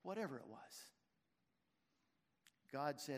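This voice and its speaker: High-voiced preacher in a reverberant hall. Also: male voice, animated, moderate pace, a bit bright. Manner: storytelling, asking the congregation questions. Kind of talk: sermon. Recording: long reverb in a large hall.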